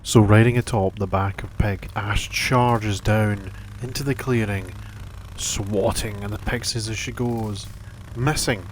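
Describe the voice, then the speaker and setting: Male narrator, lower pitch, calm storytelling, slight background noise. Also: a little slow.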